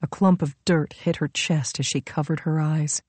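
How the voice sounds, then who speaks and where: A woman narrating a story in a measured, dramatic way on a close mic. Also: sits low, steady tone, a little mellow, slightly rough, no room sound. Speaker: audiobook narrator. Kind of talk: scripted narration.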